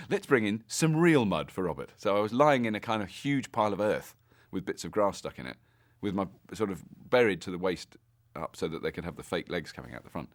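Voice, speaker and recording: A man in an interview remembering a film shoot in an animated way, with laughing asides. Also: low-pitched, fairly quick. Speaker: actor interviewee. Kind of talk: interview reminiscing.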